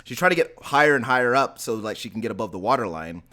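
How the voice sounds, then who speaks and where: A man's voice: medium pitch, expressive, quick pace, pushed and bright. A man hosting a gaming podcast, chatting casually and rambling with many fillers and restarts. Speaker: podcast host. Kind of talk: casual chat.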